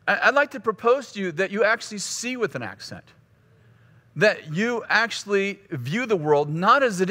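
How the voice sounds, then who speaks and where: A man's voice: sits high, a bit bright. A male pastor teaching a course session in a conversational, teasing way, often restarting his phrases. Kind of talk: teaching sermon with humor. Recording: long hall reverb.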